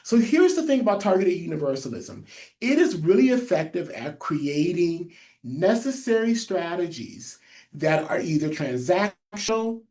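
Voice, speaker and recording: A man with a lisp presents a training webinar in a mellow, warm tone. He leans on key phrases and says them twice so listeners can note them down. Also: high voice, big pitch swings, a little slow. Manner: emphatic, repeats key phrases for note-takers. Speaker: public health trainer.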